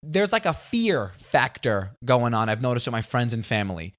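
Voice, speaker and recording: A man hosting a casual talk show, his pitch swinging widely as he tells stories. He slips into the voices of friends and family to act out their reactions. The talk stays loose and conversational. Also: moderate pace, a little hiss or hum. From New York area. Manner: animated storytelling, acts out family members. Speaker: comedian and podcast host. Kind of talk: casual chat.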